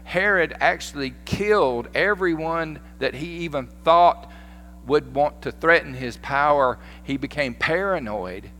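A man with a Southern American accent, a pastor giving a sermon in a folksy, animated storytelling manner. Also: fairly high pitch. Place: church sanctuary. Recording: echoey church hall with faint hum.

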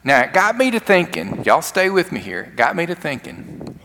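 A man's voice: medium pitch, bright, forceful tone. A man preaching a sermon and retelling a story, acting out the characters' lines. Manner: storytelling, acts out quoted lines. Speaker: pastor. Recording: long hall reverb.

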